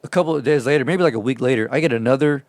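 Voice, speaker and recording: Guy on a podcast telling a story, swears a lot, gets loud doing the quotes, dry close sound. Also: medium pitch, racing, dry recording. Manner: profane, animated, acts out shouted quotes. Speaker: podcast co-host. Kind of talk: casual storytelling chat.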